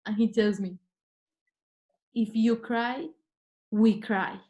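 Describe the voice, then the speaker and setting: A woman's voice: on the high side, slow pace. A woman, a podcast guest, telling a personal story in casual conversation and acting out what she said back then. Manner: animated, acts out her own past words.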